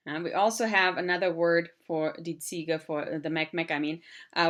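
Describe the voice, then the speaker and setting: This woman in her thirties grew up in Germany, and German is her first language. She teaches in a relaxed, chatty way, filling gaps with ums and uhs. Her voice sits a little low yet sounds crisp and bright. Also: normal speed. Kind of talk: casual video lesson.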